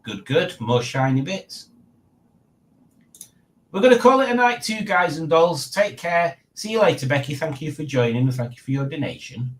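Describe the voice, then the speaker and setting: A man's voice: mid-range voice, lively intonation, moderate pace, hardly any pauses, poor audio. A man talks casually on a live stream. He reads viewer comments aloud and chuckles often between remarks. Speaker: livestream host.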